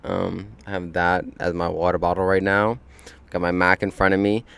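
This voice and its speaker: On a deck outside, a young podcast host tells a relaxed story, swearing and using fillers throughout. His low voice is creaky, a bit bright and clean, with a level tone and normal speed.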